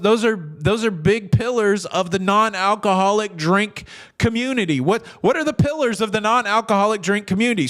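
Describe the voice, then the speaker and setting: A middle-aged man hosts a casual news commentary, rambling along and breaking into jokey asides. His voice sits a little high for a man. He restarts his sentences often in an easy, chatty way. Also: a bit bright, clear, resonant tone. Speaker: cruise news host.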